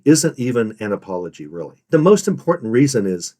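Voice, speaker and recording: A man's voice: mid-range voice, big pitch swings, a little fast, dark tone. A man teaching fellow online resellers in an earnest, emphatic way, stressing and repeating his main points. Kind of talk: instructional talk.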